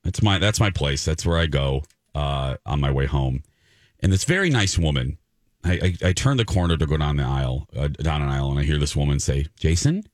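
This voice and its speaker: A man's voice: extremely low pitch, fairly quick, dry recording, clean studio sound. A male radio host, telling anecdotes on a casual talk show and voicing the people in them. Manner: animated storyteller, voices others in his anecdotes.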